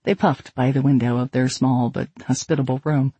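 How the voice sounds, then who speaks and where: A man narrating an audiobook in a measured, even storytelling manner. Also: medium pitch, husky, no echo.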